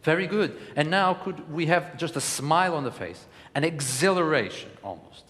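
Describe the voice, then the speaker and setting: A man leads a declamation class, coaching students through lines of verse with lively, hesitant explanations. His voice sits a little high for a man. A long hall reverb trails after his words. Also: moderate pace. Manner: animated, coaching, frequent hesitation fillers. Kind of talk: teaching lecture with spoken demonstrations.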